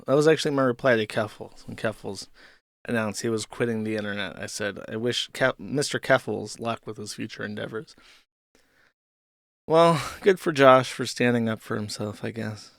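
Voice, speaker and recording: A man's voice: mid-range voice, vocal fry, no echo. A male host giving offhand, hesitant commentary on a live stream. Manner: dry, offhand, hesitant with ums.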